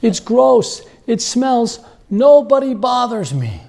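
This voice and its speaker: A man's voice: extremely high pitch, very animated, slow pace, vocal fry, warm tone, voice pushed up, heavily acted. A preacher doing a blunt old pastor in his eighties.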